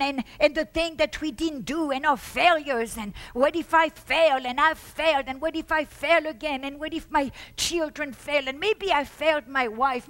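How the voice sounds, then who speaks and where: A woman pastor preaching a fervent sermon, shouting out exclamations and repeating words for emphasis. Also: sits high.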